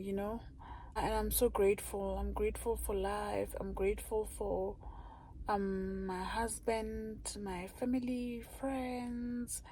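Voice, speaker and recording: A woman talks to her vlog audience in an unhurried, heartfelt way. Her voice is mellow and soft-edged, and there is a faint hiss of noise behind her. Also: medium pitch, rough recording. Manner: heartfelt, chatty, addresses viewers as guys. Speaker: vlogger. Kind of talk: casual vlog chat.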